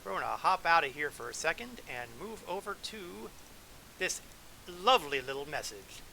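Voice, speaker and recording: A man's voice: a little high, sing-song, moderate pace, creaky, sharp tone, slight background noise, low-quality recording. Wry man streaming a space game. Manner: wry, joking asides. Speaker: gameplay streamer. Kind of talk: casual game commentary, reading lore aloud.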